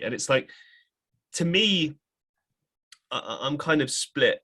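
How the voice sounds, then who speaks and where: A man's voice: a little high, big pitch swings, unhurried, long pauses, sharp tone. A young man hosting a podcast, rambling and correcting himself often in casual talk. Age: young adult. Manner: rambling, frequent self-corrections and hedges. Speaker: podcast host. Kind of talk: casual chat.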